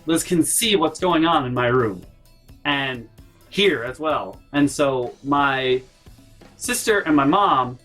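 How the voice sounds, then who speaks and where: A young man telling a rambling, profane storytime rant, exasperated and jumping off topic, often breaking into loud shouts. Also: medium pitch, lively intonation, slow pace, soft background music. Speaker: vlogger.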